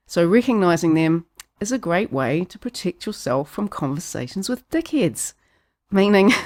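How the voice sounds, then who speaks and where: A podcast host with a New Zealand accent giving a scripted philosophy monologue, sardonic and sweary, laughing at their own jokes. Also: mid-range voice.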